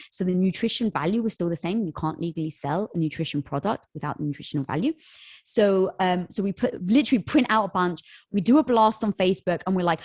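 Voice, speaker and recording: Animated woman telling a story, dry sound. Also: mid-range voice, no echo. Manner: lively storyteller who acts out quoted dialogue. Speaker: company co-founder, interview guest.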